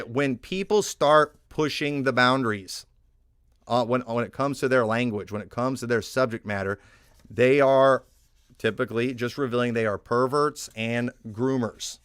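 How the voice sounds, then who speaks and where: A man's voice: medium pitch, fairly bright tone, clean tone, no echo, clean studio sound. A man from the northern United States, a pastor preaching a conversational sermon with many fillers and restarts, reading scripture aloud now and then. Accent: northern American.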